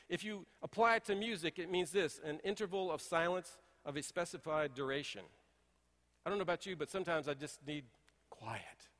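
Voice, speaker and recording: A middle-aged pastor preaching in a church, his voice sitting a little high for a man. He tells folksy stories, dropping to a hush and then rising to emphatic points. A long reverb trails off each phrase in the big hall. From Texas. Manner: folksy storytelling, swings between hushed and emphatic. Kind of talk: sermon. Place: church sanctuary.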